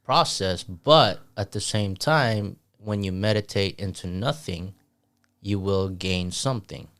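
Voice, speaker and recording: A man with a fairly low voice co-hosts a podcast in relaxed, casual chat. He stumbles, restarts his sentences, and drops casual swears as he works through his ideas. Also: unhurried. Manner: laughs often while talking. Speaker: podcast co-host.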